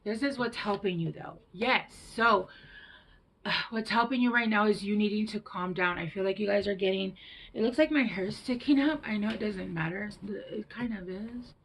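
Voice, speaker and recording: A woman giving a tarot reading to her viewers, gentle and reassuring, with hushed whispered asides. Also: medium pitch, moderate pace, poor audio. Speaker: tarot reader.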